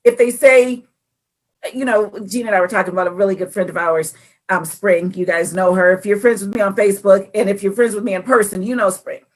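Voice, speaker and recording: A woman's voice: mid-range voice, fairly quick. A woman, co-hosting a casual faith chat and animatedly talking through her thoughts. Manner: animated, acts out quoted voices. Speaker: podcast co-host.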